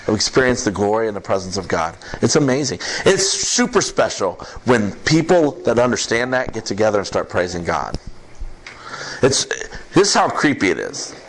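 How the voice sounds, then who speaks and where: Male pastor, lively conversational sermon, very expressive pitch, slight background hiss. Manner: animated, conversational preaching with laughs and quick asides. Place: church service with congregation.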